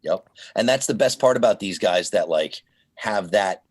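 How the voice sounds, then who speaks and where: A man who works in voiceover, chatting as a guest over a remote call, animated, swearing now and then, and slipping into voices. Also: on the low side, normal speed, slightly rough. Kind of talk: casual chat. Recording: unstable video call audio.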